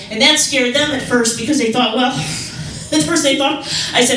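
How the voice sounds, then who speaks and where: A young woman from Chicago doing a stand-up comedy set on a club stage, talking in a rambling, halting way with many restarts. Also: sits high, pushed and bright, a little hiss or hum. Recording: echoey room, mic heard from far off.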